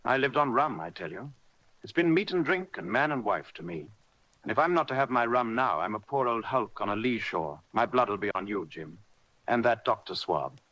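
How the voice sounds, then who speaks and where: Male reader doing a worn-out old seaman, gruff and wheedling, pitched a touch higher than his own voice, audiobook. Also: lively intonation, moderate pace, bright, forceful tone, muffled recording. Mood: blustering. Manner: gruff, wheedling sailor talk. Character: old sick sea captain, rough and pleading. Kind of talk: audiobook character reading.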